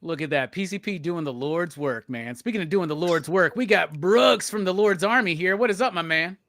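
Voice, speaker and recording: A man's voice: sits high, moderate pace, fairly bright tone, no echo, clean studio sound. A man hosting a movie review panel, brash and joking, swearing freely. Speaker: host. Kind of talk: casual movie review chat.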